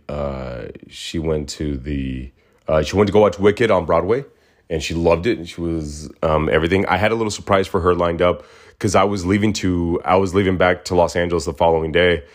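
A man hosting his own podcast in a casual solo chat, rambling and repeating himself, with an upbeat sign-off. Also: low-pitched. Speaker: podcast host.

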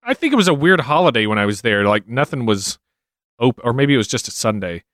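A man's voice: mid-range voice, sing-song, fast talker, a bit bright, dry recording, studio quality. A man co-hosting a podcast in casual chat, rambling and laid-back with lots of fillers. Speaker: podcast co-host.

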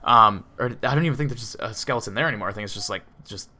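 A man's voice: fairly low pitch, racing, bright, forceful tone. A man co-hosting a casual movie discussion podcast, rambling with lots of "like" and "um" fillers. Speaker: podcast co-host.

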